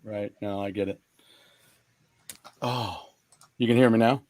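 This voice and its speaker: A man's voice: fairly low pitch, fairly even intonation, measured pace, darkish tone, no echo. Casual male co-host, rambling and chatty, dry close sound. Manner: chatty, rambling with many fillers. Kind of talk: casual stream chat.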